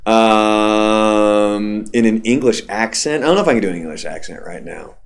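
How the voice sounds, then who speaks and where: A man's voice: lowish voice, moderate pace, vocal fry. A young adult man, a radio host, telling stories in casual, profane chat. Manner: loose, profane storytelling.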